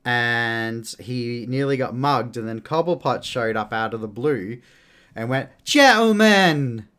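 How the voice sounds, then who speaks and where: A man's voice: mid-range voice, steady tone, measured pace, fairly bright tone, smooth. A man giving laid-back, chuckling commentary while streaming a video game. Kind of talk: casual gameplay commentary.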